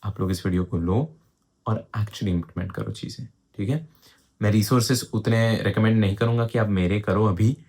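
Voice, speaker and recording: A man's voice: lowish voice, racing, a little mellow, husky. A young man with an Indian accent giving casual study advice in a vlog. He talks urgently and keeps pressing the point, slipping Hindi into his English. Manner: urgent, exhorting, mixes Hindi into English, says "bro". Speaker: student advice vlogger.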